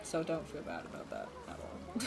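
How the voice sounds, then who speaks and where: A woman's voice: low voice, huge pitch swings, normal speed, vocal fry, loud music behind the voice. A young woman game streamer chatting casually with her live chat and laughing often between lines. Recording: noisy room ambience.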